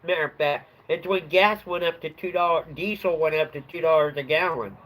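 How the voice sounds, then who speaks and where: Chatty rambling middle-aged man, slightly high. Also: fairly quick, fairly bright tone, low-quality recording. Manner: chatty, rambling, laughs at his own story. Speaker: livestream host. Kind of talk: casual storytelling chat.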